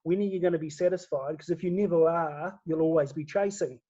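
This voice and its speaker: High-voiced guy chatting, keeps restarting words, muffled lo-fi sound. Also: a little fast, warm tone. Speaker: guest. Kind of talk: casual chat.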